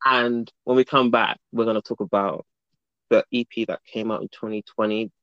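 A man's voice: lowish voice, steady tone, moderate pace, clear, resonant tone, dry recording. Playful man hosting a chat show. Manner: playful, giggly, bursts into singing. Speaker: podcast host. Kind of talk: casual chat interview. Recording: dull, dry, lo-fi sound.

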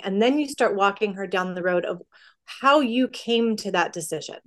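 A middle-aged woman, mid-range in pitch, talks through parenting advice in a relaxed podcast conversation. She keeps acting out short exchanges between parent and child as she explains. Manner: acts out parent-child dialogue with quick quoted voices. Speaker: parenting guest.

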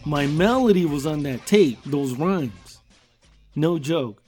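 A man with a somewhat high-pitched voice tells a story on his podcast in a loose, casual way. He rambles, leans on fillers and swears often as he goes. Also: animated, takes it slowly, a little mellow, husky, faint music behind. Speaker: podcast host.

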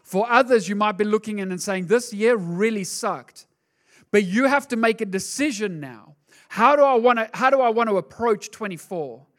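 A male pastor preaching a sermon in an animated, conversational way, acting out the voices he quotes. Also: high voice, fairly quick.

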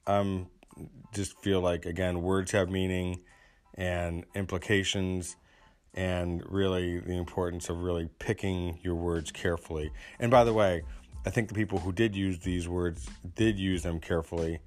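A man giving his opinions in a casual spoken monologue, rambling and pausing often with fillers and restarts. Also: low-pitched, fairly even intonation, darkish tone. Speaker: commentator.

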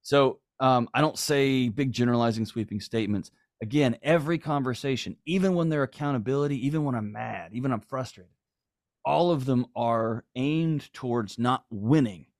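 A man's voice: medium pitch, normal speed, no room sound, studio quality. A middle-aged man talking earnestly and with emphasis on a podcast, acting out quoted lines as he goes. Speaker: guest. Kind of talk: conversational podcast talk.

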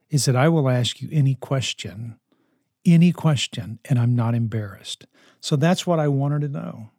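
A man's voice: on the high side, darkish tone, dry recording, clean studio sound. An older man and grandfather giving an earnest, emphatic talk to grandparents, repeating his key phrases. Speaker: speaker on grandparenting.

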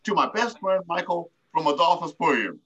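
An older man voicing a young male pop star in a retold story, eager and excited. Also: on the high side, normal speed, husky, highs cut off, voice pushed up.

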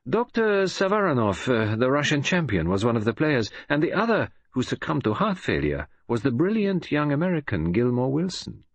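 A man reading as Poirot, fussy and softly lecturing. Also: mid-range voice, sing-song, moderate pace, few pauses, no room sound, muffled recording. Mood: informative. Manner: lecturing, quietly confident. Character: precise, fussy older male detective. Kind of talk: audiobook character reading.

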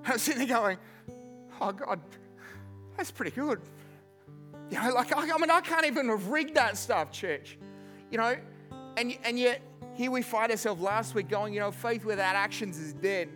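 A man preaching a sermon to his church, animated and self-deprecating, often repeating words as he works through a thought. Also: extremely high pitch, normal speed, faint music behind. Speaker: pastor. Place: church service.

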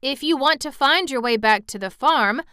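A woman's voice: high-pitched, animated, normal speed, bright, forceful tone, smooth, no echo, studio quality, voice pushed up. A woman reading aloud and voicing a shaggy, good-humoured wandering man in a storybook, wry and reassuring.

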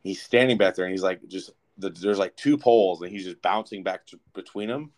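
Young male co-host, lower voice, swears freely, rambles through stories. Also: brisk. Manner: profane, rambling, animated. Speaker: podcast co-host. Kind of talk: casual storytelling.

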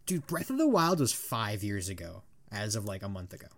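Animated young man rambling and laughing. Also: on the low side, brisk. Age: 20s. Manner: rambling, laughs often, swears casually. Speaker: podcast co-host. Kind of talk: casual chat.

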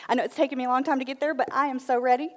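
A woman's voice: sits high, fairly even intonation, big-room sound, close to an everyday voice. A woman playing a bubbly, flustered church mom. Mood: excited. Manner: bubbly, chatty, quick to apologize. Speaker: actor in a church skit.

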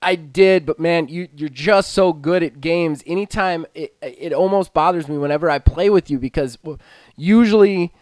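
A man co-hosting a gaming podcast, chatting casually in an excited, self-deprecating, rambling way. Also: on the high side, moderate pace, no room sound. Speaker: podcast co-host. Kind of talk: casual chat.

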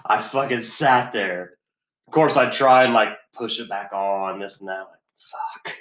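A man's voice: lowish voice, measured pace, fairly bright tone, roomy sound. A man telling a story in a profane casual chat, swearing heavily, sighing and laughing as he talks.

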